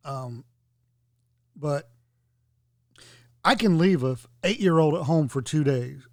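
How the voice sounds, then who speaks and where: A man's voice: on the high side, slow pace, darkish tone, no echo, studio quality. A man chatting casually on a podcast, rambling and joking through digressions. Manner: rambling, jokey, digressive storytelling.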